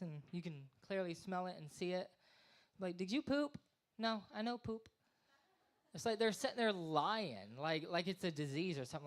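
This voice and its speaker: A man in his thirties doing rambling, self-deprecating stand-up at an open mic, acting out voices. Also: high voice. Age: 30s. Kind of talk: stand-up comedy. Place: small live venue.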